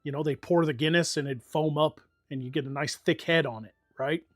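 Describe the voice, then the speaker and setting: A man's voice: a little high, a little fast, no echo, clean studio sound. An American man streaming and chatting casually, telling rambling, profane stories with lots of fillers. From United States. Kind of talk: casual chat.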